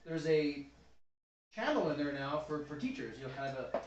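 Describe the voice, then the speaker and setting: Male co-host, relaxed and quick to laugh, slightly high voice, distant echoey mic. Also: dull audio, slight background noise. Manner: easygoing, laughs often. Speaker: homebrewing show co-host. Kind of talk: casual livestream chat.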